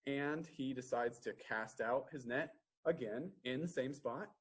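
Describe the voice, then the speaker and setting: A man reads a storybook aloud to preschoolers at a library storytime. He speaks slowly with a husky voice and keeps asking the children what they think happens next. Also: mid-range voice. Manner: asks the children questions, drawn-out pauses.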